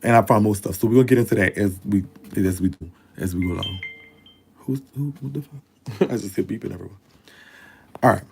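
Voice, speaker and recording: A man's voice: on the low side, brisk, creaky, a little mellow, a little hiss or hum. A young man chatting casually to his viewers, swearing and laughing as he talks, recorded close on a phone or webcam. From Louisiana. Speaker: vlogger.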